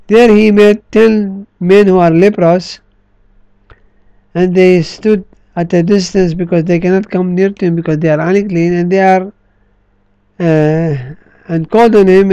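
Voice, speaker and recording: A man delivers a sermon in a high, mellow voice. He preaches slowly and emphatically, stretching out key words. The sound is dry and close. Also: no echo, highs cut off.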